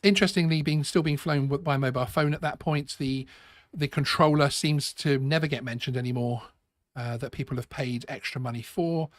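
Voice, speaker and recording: A man's voice: medium pitch, fairly even intonation, dry recording, studio quality. A man hosting a live stream, talking casually with many restarts and a sarcastic edge. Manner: halting, repeats words, sarcastic. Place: home studio.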